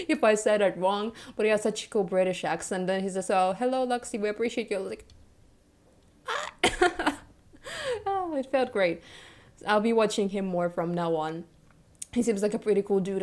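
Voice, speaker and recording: A young woman chatting to her live stream audience in a loose, rambling way. She giggles often, trails off and restarts her sentences while she talks. Her voice sits at an ordinary pitch for a woman. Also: darkish tone. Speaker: VTuber streamer. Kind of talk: casual chat with live stream viewers.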